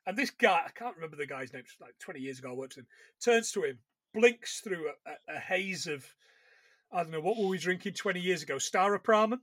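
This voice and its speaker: A podcast co-host chats casually about films, rambling through stories, laughing, and frequently breaking off to restart his sentences. His voice is high, bright, expressive, and fast, recorded dry and close with no echo or room sound.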